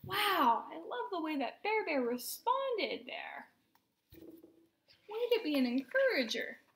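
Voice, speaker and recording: A woman who teaches children's ministry, reading a picture book aloud to kids in a sing-song, animated way. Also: very high voice, takes it slowly. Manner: sing-song, warmly animated with voices for characters. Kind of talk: children's storybook read-aloud.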